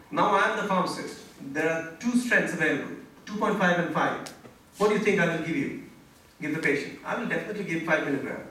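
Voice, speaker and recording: A man's voice: a little high, fairly bright tone, slight background noise. A middle-aged man, a doctor teaching a medical class and quizzing the audience with pointed questions. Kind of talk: interactive medical lecture. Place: lecture hall. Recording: very echoey hall from far off.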